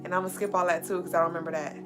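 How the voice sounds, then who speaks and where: A woman's voice: lowish voice, level tone, rapid-fire, music in the background. A woman hosting a casual livestream, reading viewer comments and laughing often. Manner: playful, laughs often, sings along and leads the chat. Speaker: livestream co-host.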